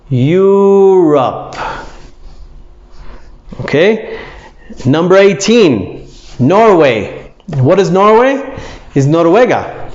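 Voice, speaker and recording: A man gives an English pronunciation lesson in a fairly high voice, speaking very slowly. He says each word several times, stretching it out so learners can follow. The sound is a little dull and lo-fi. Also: darkish tone. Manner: repeats words slowly, drawn out for drilling. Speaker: English teacher.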